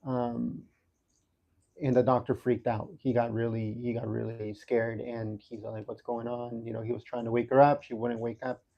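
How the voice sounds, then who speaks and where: A man giving a casual livestream update from a hospital room, talking haltingly with many fillers and restarts. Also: medium pitch, little pitch movement, creaky, muffled recording. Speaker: livestream host updating viewers.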